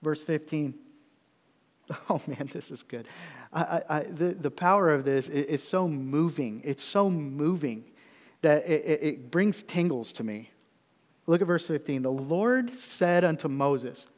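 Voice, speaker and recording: A middle-aged man preaching a sermon. He reads scripture slowly and builds to loud, emphatic passages. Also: fairly high pitch, long reverb tail. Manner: preaching with rising intensity, reading scripture slowly. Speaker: pastor.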